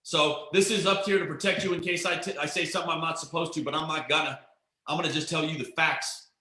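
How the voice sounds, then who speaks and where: A man giving an excited, emphatic network marketing pitch on a webinar, often repeating himself. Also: fast, roomy sound, low-quality recording. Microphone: computer mic on a webinar.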